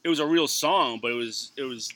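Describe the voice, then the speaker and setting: Podcast co-host, man, joking and chatty, very bright tone. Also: mid-range voice, a little fast, dry recording. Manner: chatty, joking, laughs while talking. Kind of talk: casual chat.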